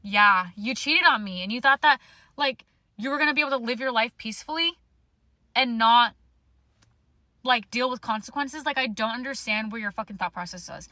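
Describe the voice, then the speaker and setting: A woman's voice: on the high side, normal speed, bright, forceful tone, no echo. A young woman telling a storytime to her phone camera in an angry rant, swearing bluntly. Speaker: social media storyteller.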